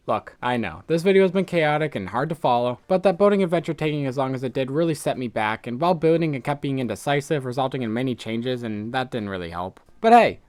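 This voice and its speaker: A young man from Ireland narrating and commenting on his gameplay in a joking, self-deprecating way. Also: mid-range voice. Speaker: gaming video host.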